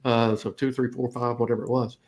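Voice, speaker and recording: A man's voice: medium pitch, level tone, a little fast, darkish tone. A middle-aged man co-hosting a casual talk show, telling a family story and laughing often. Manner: tells stories with laughs. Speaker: co-host.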